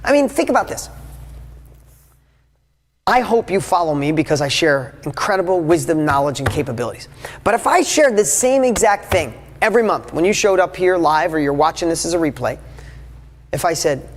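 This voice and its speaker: A man's voice: on the high side, sing-song, brisk, a little hiss or hum. A man in his fifties giving a live motivational talk to an audience, speaking in an enthusiastic, emphatic and conversational way. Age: 50s. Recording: long hall reverb.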